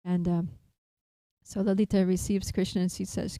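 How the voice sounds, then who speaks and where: Mellow-voiced woman telling a devotional story. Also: lowish voice, normal speed, dry recording, low-quality recording. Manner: animated, laughs often, many fillers. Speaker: speaker at a temple feast.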